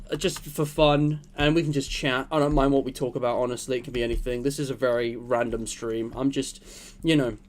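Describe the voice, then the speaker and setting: Rambling young male streamer chatting over gameplay. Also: a little high. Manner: rambling, jokey, talks to chat while playing. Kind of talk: casual gameplay chat.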